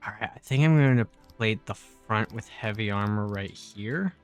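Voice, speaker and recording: A young man with a fairly low, clear, resonant voice talks at a normal speed over soft background music. While building a game spaceship, he casually rambles through stories with filler words, swearing freely and grumbling and exclaiming whenever he slips up.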